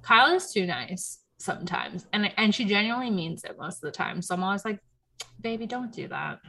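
A young woman hosting a casual chat, telling stories in an animated way, full of "like" and quick laughs. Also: mid-range voice. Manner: animated storyteller, heavy on "like", laughs often. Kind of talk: casual chat recapping a reality show.

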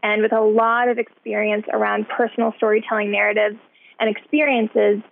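A woman's voice: medium pitch, little pitch movement, moderate pace, vocal fry. A woman co-creator of a show, interviewed over a landline, explaining thoughtfully how the idea came about. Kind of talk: phone interview. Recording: tinny landline phone call.

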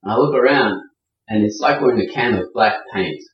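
Speaking a little fast in a fairly low pitch, this man is a guest storyteller sharing a sailing anecdote. His delivery is casual, animated and vivid, and the sound is roomy, distant and dull.

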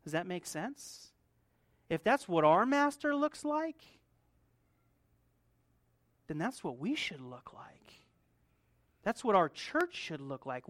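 A man preaching a sermon in a relaxed, conversational manner. He drops to quiet asides, then builds to loud, emphatic repeated points. The sound is close and dry, with no room around it. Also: high voice, dry recording. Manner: conversational, swings between soft asides and loud emphatic build-ups, laughs often. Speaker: pastor.

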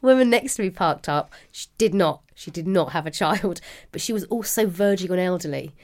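A woman's voice: on the low side, animated, brisk, a little mellow. A woman co-hosting a podcast, chatting casually, often laughing and reading listener messages aloud. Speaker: podcast co-host.

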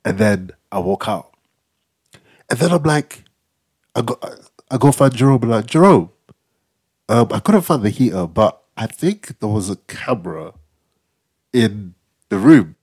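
Young man telling a story, mellow tone. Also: lowish voice, unhurried, long pauses, husky. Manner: animated, acts out quotes with slang, many "yeah?" tags. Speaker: podcast co-host. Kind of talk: casual storytelling chat.

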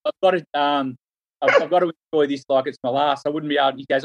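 A man's voice: fairly high pitch, steady tone, very fast, poor audio. A man with an Australian accent, a former cricketer, telling anecdotes in a casual podcast chat. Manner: anecdotal storyteller.

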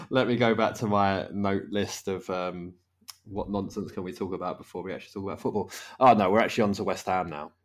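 A man's voice: low voice, moderate pace. A man hosting a casual podcast chat, rambling and laughing often. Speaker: podcast host.

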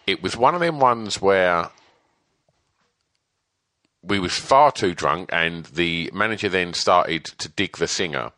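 A man's voice: low-pitched, lively intonation, slow pace, long pauses, sharp tone. A man casually telling a story about his band days, swearing freely and laughing as he goes. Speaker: storyteller guest, former band member. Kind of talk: casual anecdote.

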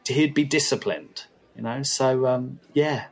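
Husky laid-back man. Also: medium pitch, measured pace. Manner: laid-back, chatty, lots of fillers. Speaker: podcast co-host. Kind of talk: casual chat.

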